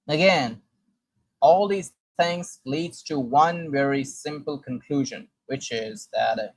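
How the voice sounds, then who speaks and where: A man's voice: medium pitch, no room sound, poor audio. A man who reads old historical sources aloud and comments on them, stumbling often and restarting words as he goes. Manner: halting, with frequent restarts and fillers while reading.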